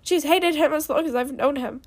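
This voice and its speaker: Troubled young she-dragon, soft-spoken, near tears, read by a woman. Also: on the high side, little pitch movement, moderate pace, creaky. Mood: angry. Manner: soft, whispering.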